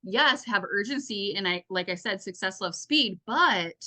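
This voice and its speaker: A woman team leader gives her team a casual, chatty recap packed with fillers, acting out what other people said. Her voice is medium-pitched and animated, with a measured pace and a bright, forceful tone.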